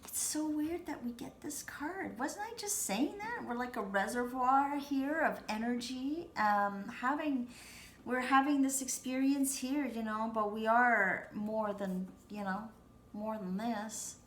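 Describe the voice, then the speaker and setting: A woman's voice: a little high, a little slow, slight background noise. A woman giving a casual, reassuring tarot reading to her viewers at home, talking in a chatty way full of "you know" and "you guys". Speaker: tarot reader. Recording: echoey room.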